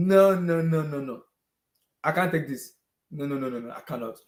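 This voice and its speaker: A man's voice: fairly high pitch, expressive, moderate pace, long pauses, a little mellow, echoey room. A man ranting as a furious football fan, exasperated and repeating himself over and over. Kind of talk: heated fan rant on a video hangout.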